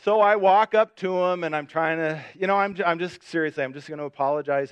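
A man's voice: a little high, fairly quick, clean tone, no room sound, dull audio. A middle-aged man preaching a sermon, telling a personal story with self-mocking humor and acting out the voices in it. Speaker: pastor.

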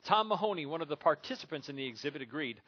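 A pastor from Minnesota preaching a sermon, moving from relaxed storytelling into emphatic scripture reading. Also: male voice, fairly high pitch, very fast, lo-fi sound.

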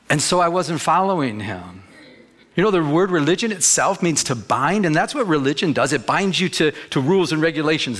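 A man's voice: on the high side, fairly bright tone. A man preaching a sermon as pastor, emphatic, repeating phrases and acting out the people he quotes.

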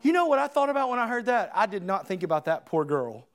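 A male pastor delivers a sermon in a church, his voice sitting unusually high. He talks with passion, climbing to shouts on his key points and then sinking into low, earnest urging. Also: sing-song, quick pace.

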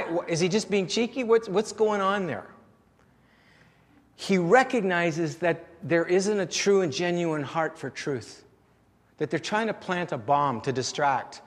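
A pastor delivers a sermon conversationally, putting rhetorical questions to the congregation. His voice is high-pitched and a bit bright, heard in a large hall.

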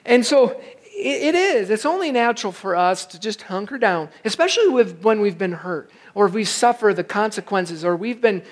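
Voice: medium pitch, expressive, moderate pace. A pastor giving a sermon in an emphatic, conversational way, with asides to the congregation.

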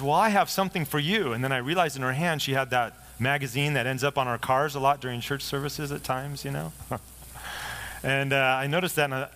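A middle-aged man, a pastor, preaching a sermon built on a personal story, in a conversational manner with lively quoted dialogue. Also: mid-range voice.

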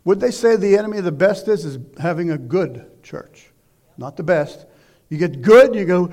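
A man preaching a sermon, loud and emphatic, shouting exhortations and dropping into quiet asides. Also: sits high, expressive, normal speed. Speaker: pastor.

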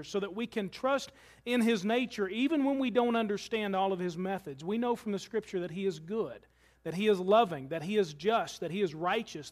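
Male pastor, fairly high voice, relaxed sermon delivery with joking asides to the congregation. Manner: conversational preaching with humorous asides.

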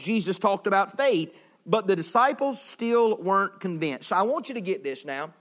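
A male pastor preaching a sermon, animated, swinging from loud to hushed and acting out little voices. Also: sits high, moderate pace.

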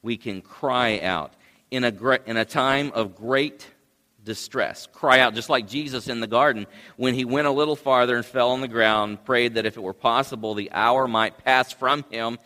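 A man preaching a sermon as pastor, unhurried, with passages that swell into loud cries. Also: mid-range voice. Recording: long hall reverb.

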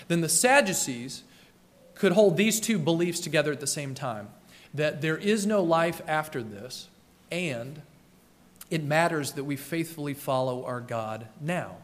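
A man's voice: a little high, a bit bright. A man preaching a sermon as pastor, telling the story in a conversational way and acting out the quoted voices.

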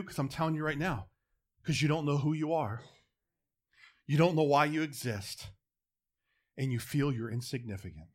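A man preaching a sermon, telling a story with dramatic swings from loud to hushed. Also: a little high, normal speed, long pauses.

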